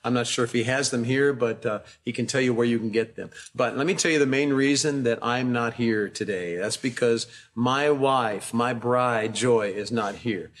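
Home pastor, man in his 60s, mid-pitched, warm and affectionate introducer. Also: normal speed, hardly any pauses. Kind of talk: church welcome and introduction.

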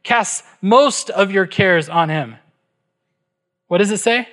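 A man's voice: sits high, slow, fairly bright tone. A middle-aged man preaching a sermon as pastor, emphatic, asking his listeners rhetorical questions and checking in with "right?".

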